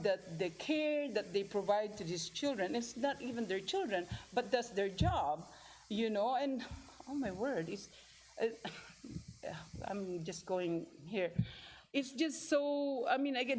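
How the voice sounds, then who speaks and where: A woman telling a congregation about a mission trip, in an informal, rambling way with many restarts and lively quoted asides. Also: mid-range voice, measured pace, slight background noise, poor audio. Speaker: church member sharing a mission trip story. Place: church hall.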